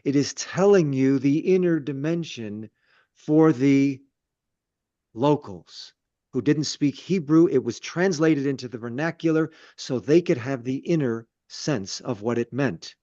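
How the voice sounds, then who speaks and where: A rabbi leads a Torah study, teaching conversationally with repeated words and self-deprecating asides. His mid-range voice is mellow and a little slow. The recording is dry, with a dull lo-fi sound.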